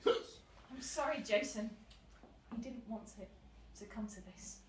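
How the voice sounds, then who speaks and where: A woman playing a murderous mother in a stage comedy sketch, speaking calmly and matter-of-factly about terrible things. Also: a little high, slow, noisy background. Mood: deadpan. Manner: calm, matter-of-fact about dark things. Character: murderous deadpan mother, middle-aged woman. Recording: echoey stage from a distance.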